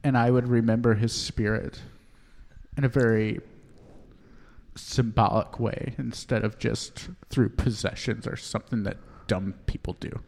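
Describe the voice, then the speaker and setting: A man playing a slow, overwrought poet. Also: fairly low pitch, steady tone, gravelly, darkish tone. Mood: earnest. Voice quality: halting, self-serious, hesitant delivery. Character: overly earnest, emotional male poet, easily choked up. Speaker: guest poet. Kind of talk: comedy sketch, dramatic poetry reading. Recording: long reverb.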